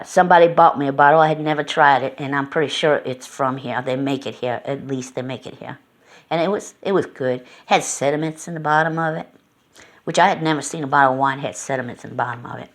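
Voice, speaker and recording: A middle-aged woman vlogging from home, telling a folksy, meandering story full of fillers. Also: extremely low pitch. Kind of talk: casual rambling storytelling.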